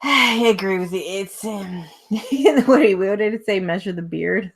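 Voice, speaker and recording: A woman's voice: mid-range voice, unhurried, husky. A woman hosting a casual chat about a TV show, talking loosely with lots of filler words and frequent laughs. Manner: chatty, laughs often, many filler words. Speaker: host.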